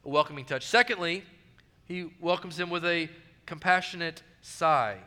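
A male pastor preaching with a high, bright voice. He is earnest, repeats his key phrases and sinks soft and low on quoted lines. The sound rings in a reverberant church hall. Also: moderate pace. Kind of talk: sermon.

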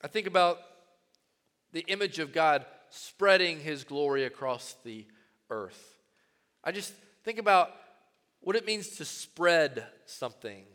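A man with a high, bright voice preaches a sermon in a church, moving between loud emphatic bursts and quiet, intimate phrases. His voice rings with a long reverb from the hall around him. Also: measured pace, long pauses. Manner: animated preaching, swings from loud to hushed. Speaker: pastor.

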